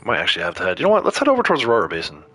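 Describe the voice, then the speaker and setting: A man's voice: medium pitch, wildly swooping pitch, racing, fairly bright tone, husky, no room sound. A man giving casual, chatty commentary to viewers while playing a game on a livestream.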